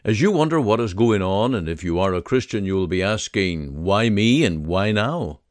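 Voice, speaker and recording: A man giving a devotional sermon, reading scripture and leading a prayer in a slow, earnest, measured way. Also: fairly low pitch, animated, no room sound, clean studio sound. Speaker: preacher.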